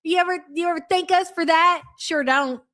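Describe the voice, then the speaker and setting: A woman hosts a live reaction stream, answering the clips she plays with dry, mocking sarcasm and reading viewer comments aloud. Her voice is high for a woman. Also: moderate pace, fairly bright tone. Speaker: commentary channel host.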